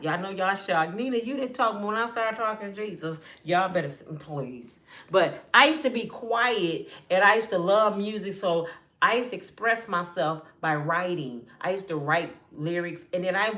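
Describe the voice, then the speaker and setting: A woman spins a personal story in relaxed, slangy speech and keeps talking straight to her listeners. She acts out the people in it, sometimes hushing way down, sometimes getting loud. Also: medium pitch. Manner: animated, acts out quotes with hushed and raised voices; colloquial, addresses listeners as y'all. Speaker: storyteller speaking to her audience. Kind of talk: casual storytelling monologue.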